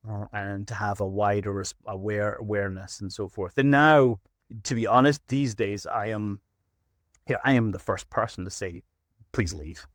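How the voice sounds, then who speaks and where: Low-voiced man telling work stories. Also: steady tone, moderate pace, no room sound, clean studio sound. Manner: acts out his own stern warnings to clients. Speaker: veterinary practice manager, guest. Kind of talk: casual storytelling interview.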